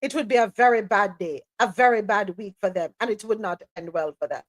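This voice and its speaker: A woman's voice: medium pitch, fairly quick, no room sound. A woman hosting a live news talk show, reading articles aloud and adding sarcastic asides. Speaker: host.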